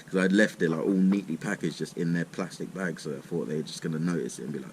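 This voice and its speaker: A man's voice: low-pitched, fast talker, slight background noise. A young man telling a rambling, casual story full of swearing and "mate". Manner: rambling, swears a lot, says "mate" and "literally" often.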